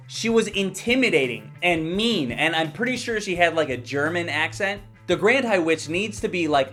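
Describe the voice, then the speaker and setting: A man's voice: a little high, a bit bright. Heated, profane young male movie critic. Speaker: movie reviewer. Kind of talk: ranting movie review.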